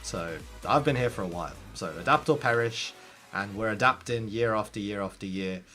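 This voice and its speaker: A man talking casually to his viewers, giving gaming tips in an animated, direct way, often turning to speak straight at the audience. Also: on the low side, moderate pace, faint music behind. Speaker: gaming content creator. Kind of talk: casual tips talk to camera.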